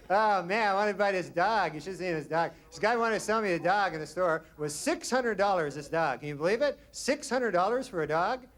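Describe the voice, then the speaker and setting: A man doing stand-up comedy in a deadpan, rambling way, full of trailing asides. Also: high-pitched, normal speed. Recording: noisy live stand-up recording.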